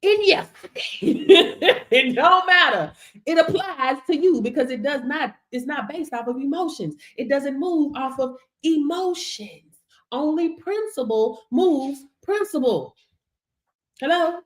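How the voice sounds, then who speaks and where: A woman's voice: high voice, animated, measured pace, darkish tone. Sassy, laughing woman streamer. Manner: sassy, laughing, preachy, colloquial. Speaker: livestream host and business mentor. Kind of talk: casual motivational livestream talk. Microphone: streaming setup.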